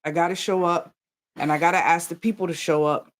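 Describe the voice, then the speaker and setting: Woman, slightly low voice, co-host, casual livestream chat, animated storytelling, talks straight to viewers. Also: fairly quick. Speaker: yarn company co-host.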